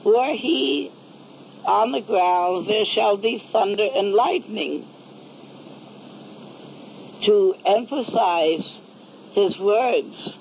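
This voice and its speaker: A woman speaking as a solemn, motherly female heavenly voice during a religious vision, slow and tender as she admonishes. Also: medium pitch, creaky, dull audio, a little hiss or hum. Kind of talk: spoken religious vision message.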